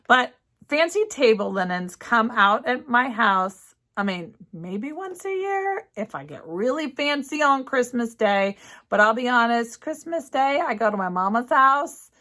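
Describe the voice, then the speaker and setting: A woman chatting casually to camera as a cross-stitch vlogger in her home craft studio, gushing and excitable as she talks. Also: high voice.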